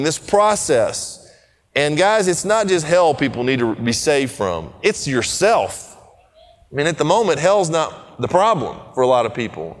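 High-voiced man preaching in a hall. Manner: earnest, conversational preaching with swings in pitch and pace. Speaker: pastor. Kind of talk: sermon.

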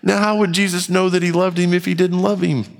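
A man's voice: sits high, little pitch movement, a little fast, creaky. A man preaching a sermon in a church, talking candidly and conversationally. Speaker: pastor. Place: church sanctuary. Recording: long hall reverb.

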